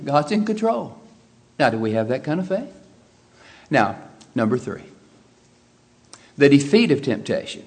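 Guy preaching a sermon, middle-pitched voice, gets loud and then drops quiet, really emphatic. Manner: emphatic, swinging between quiet asides and loud exclamations.

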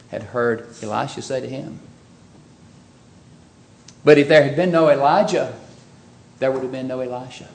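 Earnest male preacher asking rhetorical questions. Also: fairly high pitch. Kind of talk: sermon.

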